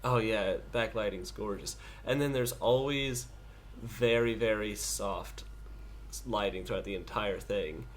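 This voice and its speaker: Low-voiced man, halting and dry. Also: a little hiss or hum. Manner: hesitant, halting restarts, dry understatement. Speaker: podcast co-host. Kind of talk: casual chat.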